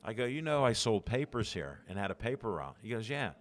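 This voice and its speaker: An older Pittsburgh man, a guest on a podcast, animatedly tells stories and acts out the dialogue in an interview. His voice is on the low side, a little fast, with big pitch swings.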